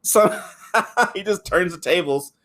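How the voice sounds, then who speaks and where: A rambling, foul-mouthed man in a casual podcast chat. He talks at an ordinary pitch, tells the story in loose stretches and keeps acting out the lines of the people he describes. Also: animated, takes it slowly, a bit bright. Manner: rambling, swears a lot, acts out quotes. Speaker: podcast co-host reviewing a film.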